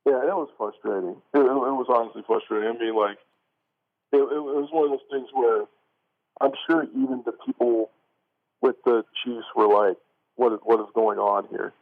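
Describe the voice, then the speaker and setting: A man's voice: medium pitch, moderate pace. A man co-hosting a casual sports radio talk show, rambling with lots of restarts and fillers, heard over a tinny phone line. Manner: rambling, many restarts and "like", laughs often.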